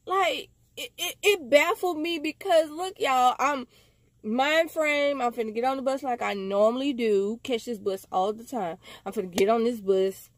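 A woman telling a casual storytime to camera, animated and slangy, talking straight to her viewers. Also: on the high side, normal speed, no echo. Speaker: storytime vlogger.

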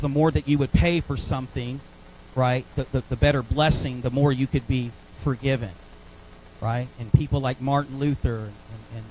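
Southern pastor guy preaching, bit high voice, lots of right? okay?, faint hum behind. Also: poor audio. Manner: animated, frequent "right?" checks with congregation. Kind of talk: sermon. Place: church sanctuary.

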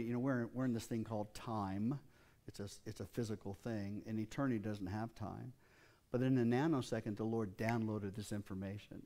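A man's voice: fairly low pitch, dark tone. An older man preaching a sermon as pastor, telling personal stories earnestly with frequent restarts.

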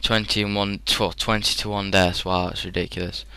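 A teenage man with a British English accent rambles through a casual gaming commentary. His slightly low voice sounds bright and clean. The recording is dry and close, with no room echo. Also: flat delivery, moderate pace, smooth. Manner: rambling, chatty, frequent fillers and laughs. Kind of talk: casual storytelling over gameplay.

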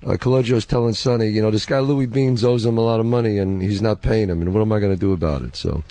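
A man's voice: lowish voice, fast talker, dark tone, no room sound. A man appearing as an actor guest, encouraging others in casual radio chat. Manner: encouraging, husky.

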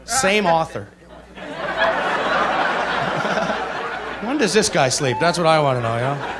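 A man from the US doing a stand-up set in an animated manner, jumping into excited voices. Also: fairly high pitch, takes it slowly. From United States. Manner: animated, jumps into excited voices for parents and impressions. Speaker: stand-up comedian. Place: comedy club stage. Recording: comedy club, crowd laughter and noise.

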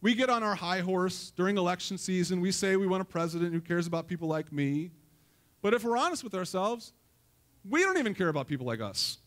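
A pastor giving a conversational, joking sermon to a church congregation, telling stories and putting questions to the listeners. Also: male voice, sits high, expressive, a little fast, a bit bright.

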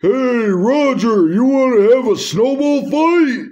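Man doing a brash, loud Easter Bunny. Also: very high voice, expressive, slow, lo-fi sound, voice pushed up, heavily acted. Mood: taunting. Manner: loud, taunting, slangy. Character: brash pushy male Easter Bunny, rude and taunting.

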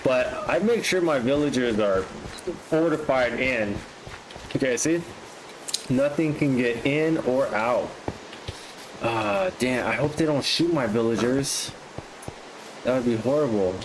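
A man casually commenting on his own gameplay, chatty and easily excited. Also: medium pitch, measured pace, background noise. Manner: excitable, flares up into frustrated outbursts. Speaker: gaming vlogger.

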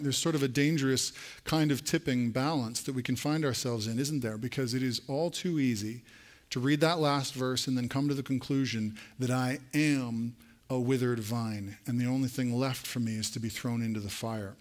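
A man's voice: steady tone, moderate pace. A man preaching a sermon in church, speaking earnestly and directly to his congregation. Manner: rising to an emphatic pitch near the end. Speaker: pastor.

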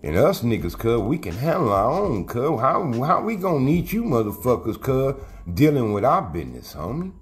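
A man's voice: mid-range voice, huge pitch swings, moderate pace, hardly any pauses. A man, telling a prison story in heavy street slang and getting heated as he talks. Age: 50s. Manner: profane street slang, says cuz constantly; heated, raises voice when agitated. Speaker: interviewee telling prison stories. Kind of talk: casual storytelling rant.

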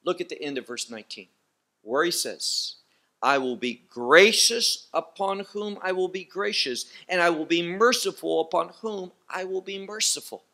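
A man giving a Bible teaching lecture, deliberate and emphatic, posing rhetorical questions to his listeners. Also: sits high, expressive, vocal fry, sharp tone. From Israel.

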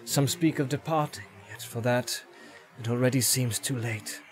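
A man plays a stern elf guardian in a fantasy audio drama. His delivery is measured, formal and solemn, at a middle pitch, with music running behind him. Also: natural voice. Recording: background music.

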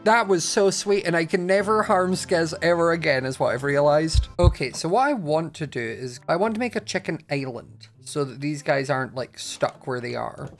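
A man giving chatty, excitable gameplay commentary as he plays, often laughing. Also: fairly high pitch, normal speed, few pauses, soft background music. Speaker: Minecraft video creator.

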